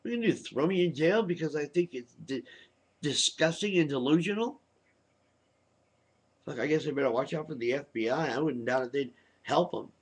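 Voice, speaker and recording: A man's voice: on the high side, moderate pace, pauses often, breathy edge. A man ranting heatedly into his webcam, combative and cursing, firing rhetorical questions at his viewers. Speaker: vlogger. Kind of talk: angry webcam rant.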